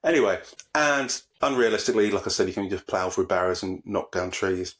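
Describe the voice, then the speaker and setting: A man co-hosting a casual podcast, his lowish voice running at a brisk clip. He chats in an easygoing way, explaining things at length. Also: fairly bright tone. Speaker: podcast co-host. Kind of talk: casual chat.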